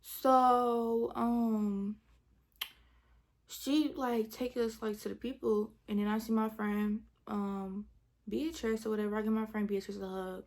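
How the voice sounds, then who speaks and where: A woman's voice: fairly high pitch, flat delivery, slow, darkish tone. A young woman, telling a storytime in casual chat, retelling with dramatic quotes and whispered asides. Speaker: vlogger.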